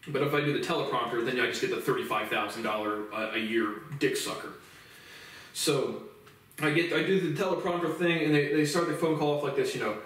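A young man in his twenties with a fairly high voice, ranting in a loud, profane, heated way and tripping over repeated words. He stands well back from the microphone in a room with heavy echo. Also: brisk. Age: 20s. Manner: profane, heated, repetitive restarts. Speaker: vlogger. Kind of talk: angry monologue rant. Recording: very echoey room, voice far from mic.

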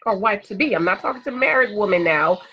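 A woman's voice: animated, fast talker, breathy edge, dull audio. A woman giving dating advice in an emphatic, sassy, preachy monologue, hitting her punchlines hard. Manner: emphatic, sassy, repeats a punchline with rising pitch.

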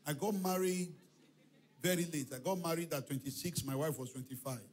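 A man's voice: a little high, fairly quick, a little hiss or hum. A male pastor preaching a sermon in a church, telling stories with acted-out dialogue and chanted refrains. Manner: animated storytelling preacher, acts out dialogue, shouts and chants. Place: church hall.

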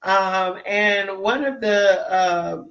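A woman's voice: mid-range voice, drawn-out words, a bit bright, lo-fi sound. A woman preaching a Bible teaching to an online audience, emphatic and repetitive, tagging her points with "right?" and greeting viewers by name. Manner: repetitive, keeps asking "right?"; emphatic, acts out quotes in raised voices. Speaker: preacher in a ministry.

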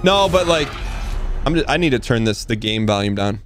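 A man's voice: mid-range voice, animated, faint music behind. A young man hosting a stream, casually chatting and joking while he interviews a player over game voice chat. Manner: friendly, joking, asks quick questions. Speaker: streamer host.

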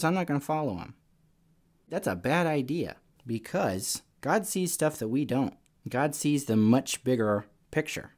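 A young man teaching a children's Sunday school lesson, telling a story in a casual, lively way. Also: mid-range voice. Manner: casual, storytelling to kids, animated.

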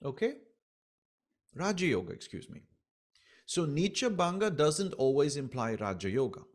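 A man teaching astrology in a lively lecture, acting out quoted voices and repeating his points. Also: on the high side, moderate pace.

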